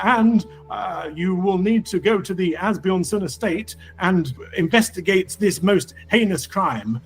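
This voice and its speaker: A man's voice: high-pitched, vocal fry, pitched above the performer's own voice, heavily acted. A man voicing a flustered, fussy male law speaker who stammers and speaks formally.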